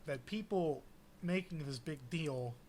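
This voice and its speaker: A man's voice: on the high side, expressive, a little slow, darkish tone, a little hiss or hum. A man co-hosting a podcast, chatting casually and airing opinions in long, hedging rambles. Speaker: podcast co-host. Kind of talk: casual chat.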